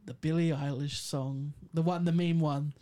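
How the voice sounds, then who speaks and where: A co-host in a casual movie chat, joking and blunt with a deadpan manner. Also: medium pitch, normal speed.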